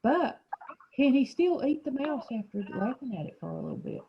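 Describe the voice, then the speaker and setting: A woman's voice: high-pitched, sing-song, moderate pace, gravelly, muffled recording, slight background noise. A woman teacher leading a small reading group over a video call, asking questions and explaining words patiently.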